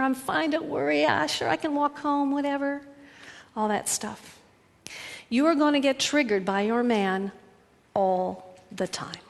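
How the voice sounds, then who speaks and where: A woman relationship coach giving an earnest, animated talk that acts out little scenes. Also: medium pitch, long reverb tail.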